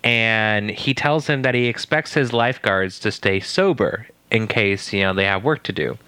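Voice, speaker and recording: A man co-hosting a casual podcast, recapping a TV episode with animated, incredulous asides. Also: on the low side, moderate pace, clean tone, no echo. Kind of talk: casual chat.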